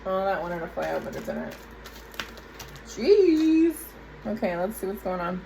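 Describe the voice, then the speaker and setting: A woman reads tarot cards for her audience in a loose, chatty way, talking straight to the viewers. Her voice sits at a middling pitch. A faint hum of room noise runs under her. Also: very animated, measured pace, gravelly. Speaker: tarot reader. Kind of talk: casual tarot reading to camera.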